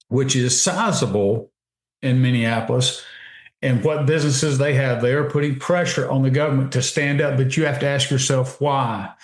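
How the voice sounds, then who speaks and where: A man giving emphatic, opinionated commentary on a radio talk show, often restarting his sentences. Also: mid-range voice. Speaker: guest commentator. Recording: roomy echo.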